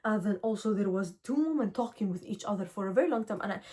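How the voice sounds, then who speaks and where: A woman's voice: mid-range voice, fast. A young adult woman vlogging straight to camera, giving earnest, direct self-help talk and telling everyday stories with energy. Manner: earnest, direct, lively storytelling. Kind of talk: casual motivational talk to camera.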